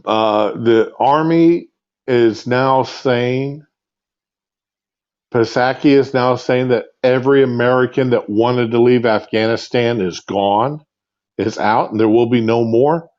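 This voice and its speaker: Slow and a little mellow, a man's mid-range voice carries an angry, impromptu rant on a livestream, full of fillers and restarts as he rambles. He's using a phone earbud with a built-in mic, so the sound is muffled and lo-fi.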